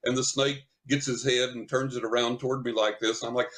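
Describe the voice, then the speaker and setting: An older man, a psychic medium guest, telling a story in casual chat, lively and chuckling as he acts out what people said. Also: medium pitch, a little fast, hardly any pauses. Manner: animated anecdotal storytelling, chuckles often, acts out quotes.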